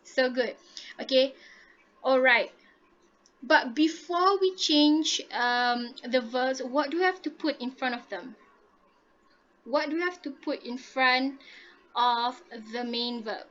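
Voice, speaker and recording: A woman's voice: sits high, slow, long pauses, a bit bright. A woman teaching a grammar lesson, patiently repeating rules and checking understanding with frequent "okay?". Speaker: English teacher. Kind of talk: online classroom lesson. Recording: dull lo-fi audio.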